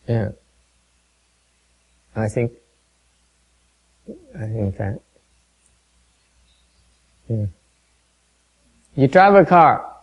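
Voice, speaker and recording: A man giving a dharma talk to a meditation class, halting and full of fillers, quizzing and gently teasing his listeners. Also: medium pitch, animated, highs cut off. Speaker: meditation teacher.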